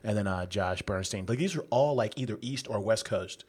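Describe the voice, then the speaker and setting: Chatty low-voiced male co-host. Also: lively intonation, brisk, slightly rough. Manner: chatty, filler-heavy, enthusiastic. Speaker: podcast co-host. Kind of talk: casual chat.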